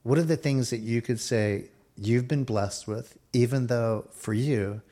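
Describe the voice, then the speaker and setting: A man preaching a sermon, expressive, shifting his pace and dropping softer for quoted lines. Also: mid-range voice, unhurried. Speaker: pastor.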